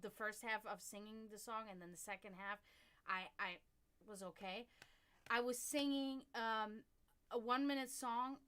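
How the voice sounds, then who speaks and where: A woman's voice: fairly high pitch, fairly even intonation, moderate pace, bright, forceful tone, clear, resonant tone. A woman from Germany hosting a livestream, telling a rambling story in casual chat, swearing freely and breaking off to greet viewers. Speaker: livestream host.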